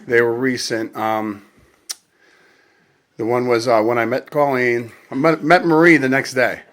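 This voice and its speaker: Relaxed man telling family stories. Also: medium pitch, unhurried. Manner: relaxed, acts out quoted lines. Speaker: family member sharing memories. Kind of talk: casual storytelling at a funeral luncheon. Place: funeral luncheon gathering.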